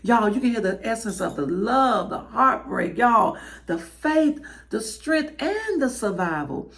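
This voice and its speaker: A woman with a Southern accent from Miami hosts her show, her pitch leaping up and down as she talks. She takes her time, drawing out her words as she calls out to her listeners. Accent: Southern American. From Miami, Florida. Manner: animated, warm calls to the audience. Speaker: host. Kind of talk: lively show host address.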